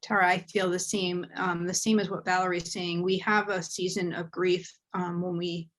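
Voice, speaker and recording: A woman's voice: fairly low pitch, level tone, moderate pace, a bit bright. A woman hosting a live show and giving a medium reading, talking in an earnest, emotional way as she relays messages. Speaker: medium and host. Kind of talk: live spiritual reading chat.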